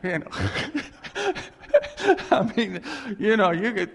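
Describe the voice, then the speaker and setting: A man preaching in a storytelling sermon style, animated and laughing as he acts out what others said to him. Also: high-pitched, slow, gravelly. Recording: long hall reverb.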